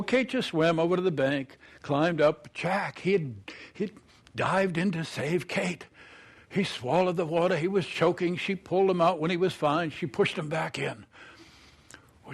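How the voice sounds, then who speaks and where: A man telling a story aloud in a lively, animated way. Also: on the high side.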